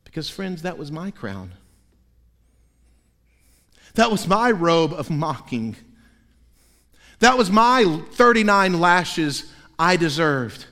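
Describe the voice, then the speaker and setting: A high-pitched male pastor preaches slowly and deliberately, drawing out his sentences. He tells the story dramatically, rising loud, then dropping almost to a hush. His voice rings with the long echo of a large church sanctuary. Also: animated. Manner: dramatic storytelling, swinging between loud and hushed. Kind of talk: sermon. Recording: long reverb of a large hall.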